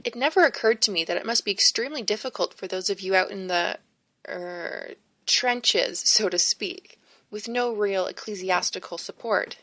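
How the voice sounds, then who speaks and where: Woman reading as a gentle, modest old-fashioned priest. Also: medium pitch, normal speed. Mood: musing. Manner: gentle, earnest, slightly formal. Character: kindly, modest middle-aged male priest.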